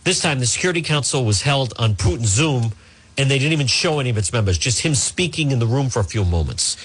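A man's voice: medium pitch, expressive, quick pace, slightly rough. A man hosting a talk show, giving casual political commentary in a rambling way, with many fillers and restarts. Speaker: radio talk show host.

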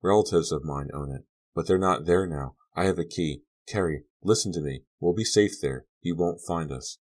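Audiobook casting: desperate, frightened teen girl, pleading tone, voiced by a man with a very deep voice. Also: moderate pace, a little mellow. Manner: urgent, pleading. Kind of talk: audiobook character reading.

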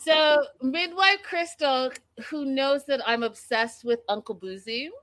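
High, slow-talking Canadian woman. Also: fairly bright tone. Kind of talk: casual chat, reading comments.

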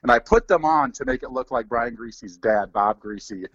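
A man in his forties, a former pro football player, talking through sports in a relaxed, rambling way with many fillers. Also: mid-range voice, normal speed, no room sound, dull audio. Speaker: former NFL player, guest analyst. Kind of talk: casual sports talk.

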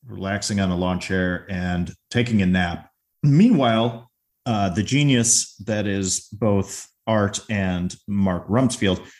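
A man co-hosting a podcast, casually retelling a movie scene and briefly acting out the characters' lines. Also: on the low side. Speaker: podcast co-host.

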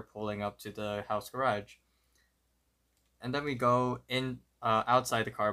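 Man, podcast co-host, lowish voice, bright edge, loose chatty recap. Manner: loose, filler-heavy narration with quoted lines. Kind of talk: casual episode recap.

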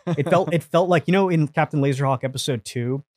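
A man telling stories as a podcast guest, animated and profane, acting out the people he quotes. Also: a little high, fairly quick, dry recording. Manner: animated, swears freely, acts out quotes. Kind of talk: casual storytelling.

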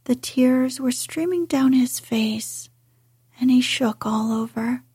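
A woman reading a classic story aloud in a soft, unhurried whisper. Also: high-pitched, husky, no echo, studio quality. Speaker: narrator.

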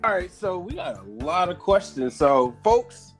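A man's voice: high-pitched, sing-song, a little slow. Host guy, bouncy up-and-down voice, chill, a bit of music behind. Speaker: podcast host. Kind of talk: casual chat.

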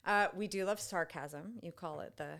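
A woman's voice: fairly low pitch, moderate pace, gravelly, a bit bright. A middle-aged woman co-hosting a podcast, telling family stories in a chatty, good-humored way. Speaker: podcast co-host. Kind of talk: casual chat.

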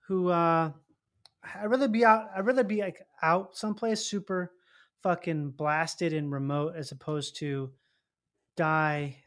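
A man's voice: a little high, steady tone, a little slow, fairly bright tone. A man hosting a loose, profane, rambling casual chat. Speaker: podcast host.

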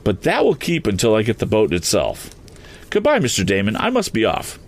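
A man's voice: fairly low pitch, wildly swooping pitch, a little fast. A man voicing an earnest, eager young male inventor in a storybook reading, urgent and determined.

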